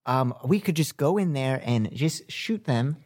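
A man playing a tabletop role-playing game, joking with the group in a deadpan way. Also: mid-range voice, a little slow. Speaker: player.

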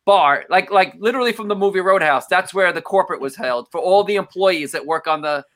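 A man's voice: high voice, brisk. A man, a stand-up comedian, telling a story in casual podcast chat and acting out the voices of the people in it. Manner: animated, acts out quoted voices.

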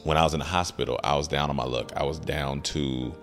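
Very deep gravelly man telling a story. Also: fast talker, soft background music. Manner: animated storyteller, acts out voices in quotes. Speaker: guest, comedian. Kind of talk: casual storytelling.

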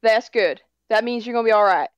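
A woman playing a tabletop game in character, talking in a flat, blunt, weary way. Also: fairly high pitch, a little fast, smooth, no echo. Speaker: player.

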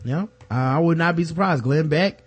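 A man's voice: fairly high pitch, normal speed, breathy edge. A man co-hosting a podcast in casual, profane, joking chat. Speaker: podcast co-host.

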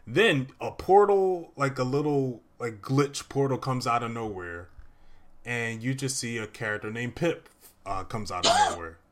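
A man's voice: mid-range voice, animated, a little slow. A young man reviews a movie in easy, casual chat. His recap wanders, packed with fillers and restarts, in a plain mid-range voice. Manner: rambling recap full of "uh" and "like".

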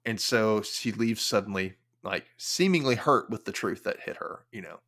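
A young man hosting a podcast, casually recapping an episode with animated storytelling and wry quoted asides. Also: on the low side, moderate pace. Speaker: podcast host.

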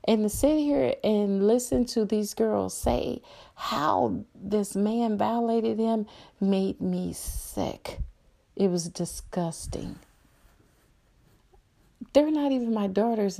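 A woman's voice: medium pitch, gravelly, dark tone. A middle-aged woman hosting a solo podcast, ranting in an angry, blunt and profane way. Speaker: podcast host.

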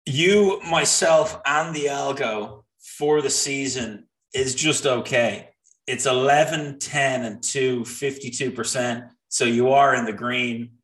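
A man's voice: mid-range voice, slow. A man co-hosting a sports betting show, talking picks and stats with frequent restarts. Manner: animated, restarts often, talks through stats. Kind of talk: casual sports betting chat. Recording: roomy echo.

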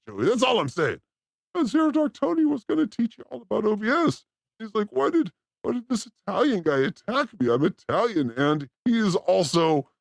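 A man's voice: creaky, dry recording, clean studio sound. A man hosting a show, delivering a rambling, joking comedic monologue. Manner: animated, joking, pitch swooping up and down. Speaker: host.

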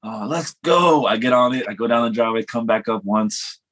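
A man's voice: fairly low pitch, level tone, fast talker, fairly bright tone. A man telling self-mocking stories in a casual chat, rambling and laughing at himself.

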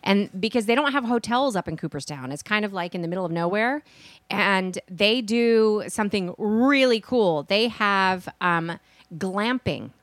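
A middle-aged woman co-hosting a casual sports podcast, chatty and quick, often trailing off mid-sentence. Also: mid-range voice, lively intonation, no room sound. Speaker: podcast co-host.

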